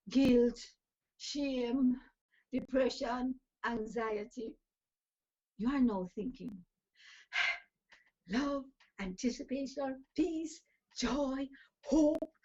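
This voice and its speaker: Woman, high voice, preachy motivational talk, muffled lo-fi sound. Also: darkish tone. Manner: preachy, emphatic, with scripture phrases. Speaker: talk show host and life coach. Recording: dull lo-fi recording.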